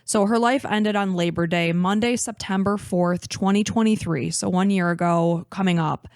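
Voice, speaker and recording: A woman's voice: on the low side, moderate pace, a little mellow, no echo, studio quality. A woman in her thirties hosting a podcast, emotional and teary as she chats and narrates a case. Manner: emotional, talks openly about crying. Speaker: podcast host. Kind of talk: casual chat and case narration.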